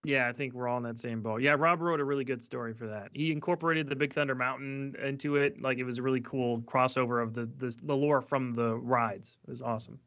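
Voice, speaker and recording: A man's voice: mid-range voice, steady tone, fast talker, hardly any pauses, fairly bright tone, dull audio. A man guest in a casual livestream chat who searches for words and trails off.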